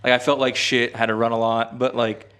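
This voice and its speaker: A young man, telling a story on a podcast in an animated way with lots of fillers, acting out quotes. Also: mid-range voice, brisk, clean tone. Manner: animated, heavy filler words, acts out quotes. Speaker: podcast co-host. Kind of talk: casual storytelling.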